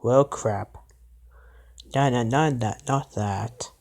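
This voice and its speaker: A man's voice: medium pitch, takes it slowly, vocal fry, a little mellow. A man vlogging his reactions to a news clip, exclaiming and talking back at it indignantly. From Canada. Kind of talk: casual reaction commentary.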